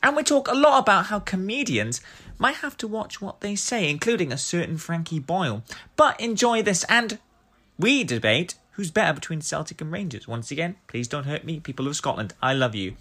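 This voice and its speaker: A man's voice: high-pitched, big pitch swings, brisk, fairly bright tone. A man from England hosting a casual podcast, chatty and jokey, poking fun at himself. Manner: chatty, jokey, self-deprecating. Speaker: podcast host.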